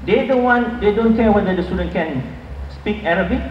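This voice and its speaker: A man giving an earnest academic lecture at a conference, emphatic and pausing with fillers. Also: sits high, a little hiss or hum. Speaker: conference speaker. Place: large lecture hall. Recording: echoey hall, far from mic, dull.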